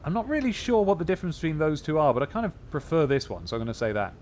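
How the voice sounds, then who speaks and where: A man's voice: on the high side, lively intonation, rapid-fire, darkish tone, a little hiss or hum. A man playing a role-playing game, reading its text aloud and thinking through his choices in a casual, musing way. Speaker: let's play host.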